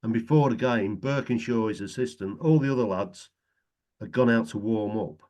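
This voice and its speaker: A man's voice: fairly low pitch, moderate pace, darkish tone. A middle-aged man chatting casually as a guest, telling anecdotes and chuckling often. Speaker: guest, retired footballer.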